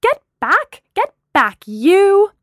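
Woman doing a shrill excitable old landlord. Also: fast, dry recording, studio quality. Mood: furious. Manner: shrill, old-fashioned, blustering. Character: fussy older male landlord, protective, excitable. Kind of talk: audio drama reading.

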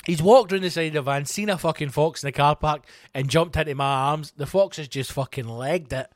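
A man's voice: a little high, a little fast, no room sound, studio quality, soft background music. A middle-aged Scottish man hosting a comedy podcast, telling a self-mocking story full of swearing. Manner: profane, animated, self-mocking. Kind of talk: comic storytelling monologue.

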